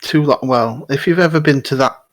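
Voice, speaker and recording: A man's voice: mid-range voice, a little fast, fairly bright tone, dry recording. A man hosting a casual sports podcast, chatty and laughing easily, often restarting his sentences. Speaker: podcast host.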